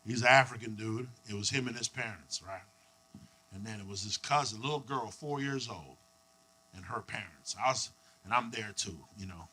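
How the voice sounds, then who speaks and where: A man doing a stand-up comedy set on a club stage, animated and profane, acting out people in his stories. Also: on the low side, moderate pace, slightly rough. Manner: animated, profane, acts out voices.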